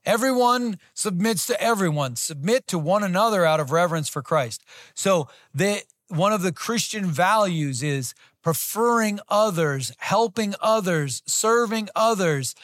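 Male Bible teacher, higher register, dry close sound, plain-spoken and repetitive. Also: no echo. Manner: plain-spoken, repeats key phrases for emphasis. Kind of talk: conversational sermon with scripture reading.

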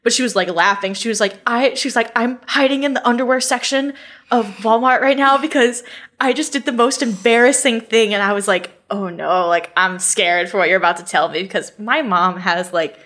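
A woman's voice: moderate pace, fairly bright tone. A young woman co-hosting a casual podcast, telling stories in a chatty way with lots of "like" and bursts of laughter. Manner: chatty storyteller, heavy filler "like", breaks into high laughter. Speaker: podcast co-host. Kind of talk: casual chat.

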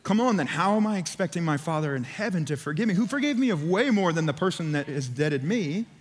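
A man's voice: fairly high pitch, animated, brisk. A man preaching a sermon as pastor, casual and conversational, with lots of "like" and acted-out voices for the people in the story. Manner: conversational, filler-heavy preaching with acted-out quotes. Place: church sanctuary. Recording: church hall reverb.

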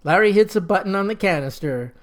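A narrator reading a slapstick comic story aloud in an even storytelling delivery. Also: mid-range voice, fast talker.

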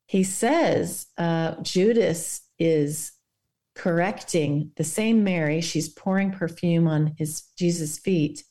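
Middle-aged woman on a faith podcast, low warm voice, earnest, leading everyone thru a quiet reflection. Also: slow. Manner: earnest, guides listeners through a quiet prayer exercise. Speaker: podcast guest.

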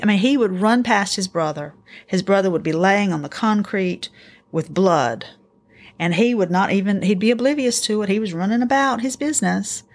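A middle-aged woman hosting a casual faith-based parenting talk, earnest and encouraging, telling family stories in an animated way. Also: medium pitch. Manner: earnest, encouraging, animated storytelling with acted quotes. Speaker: podcast host.

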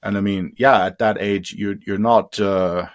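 An adult man who grew up in India speaks as an interview guest, giving personal testimony in a steady voice on the low side. He's halting, with frequent fillers and restarts, and tends to let his sentences trail off quietly.

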